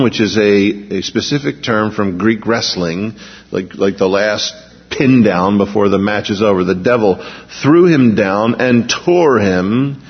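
A man preaches in a relaxed, conversational way, moving between scripture reading and homely stories. His voice is a little husky and sounds dull and lo-fi, with a long reverb trailing through a large hall. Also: lowish voice. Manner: conversational, storytelling with asides. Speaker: pastor. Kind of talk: sermon.

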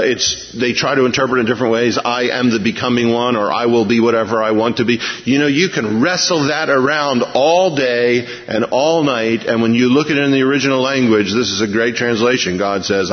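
Folksy preacher on lo-fi radio. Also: male voice, mid-range voice, brisk, hardly any pauses. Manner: folksy, chuckling, animated retelling. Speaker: pastor. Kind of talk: verse-by-verse sermon. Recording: lo-fi radio broadcast with long reverb.

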